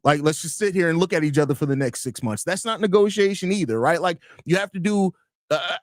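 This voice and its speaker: A man co-hosting a casual sports podcast, his voice sitting a little high. He rattles along at a brisk clip with plenty of "bro" and "like." The sound is close and dry. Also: dry recording. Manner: fast, animated, says "bro" a lot. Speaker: podcast co-host.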